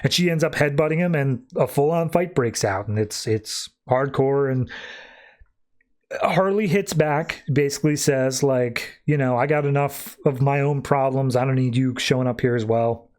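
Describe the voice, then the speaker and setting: A man's voice: medium pitch, moderate pace. A man co-hosting a podcast, recapping a comic story in a casual, filler-heavy way and briefly voicing the characters as he quotes them. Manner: retells the plot, quoting characters in brief put-on voices. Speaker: podcast co-host.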